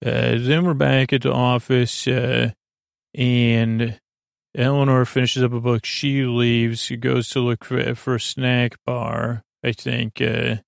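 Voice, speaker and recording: A man hosting a sleep podcast, giving a drowsy, unhurried recap of an episode, halting with many fillers and self-corrections. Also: little pitch movement, gravelly, no echo, studio quality. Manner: low-key, unhurried storytelling.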